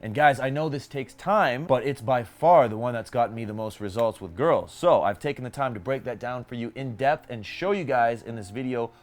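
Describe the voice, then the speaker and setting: A man's voice: medium pitch, normal speed, few pauses. Man giving emphatic dating advice. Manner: coaching, emphatic, addresses viewers directly as guys. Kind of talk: direct-to-camera advice vlog.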